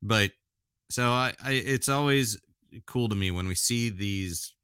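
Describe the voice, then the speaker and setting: Bright-voiced male podcast host. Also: fairly low pitch, measured pace, clean tone, no echo, clean studio sound. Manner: chatty, enthusiastic, self-correcting with frequent restarts. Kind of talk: casual solo podcast talk.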